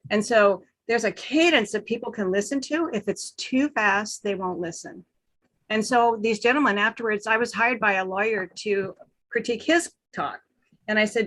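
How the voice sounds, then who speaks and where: A woman speaking coach on a video-call panel, animated, acting out slow and fast delivery to make her points. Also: medium pitch, no room sound, low-quality recording. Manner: animated, acts out speaking styles, shifts between slow and fast. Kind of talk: panel talk with advice.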